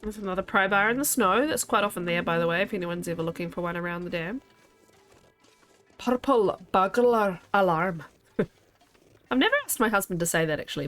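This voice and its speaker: Chatting casually as she plays, a woman with a New Zealand accent talks to her stream chat and to herself, frequently laughing. Her voice is lowish with a fairly bright tone.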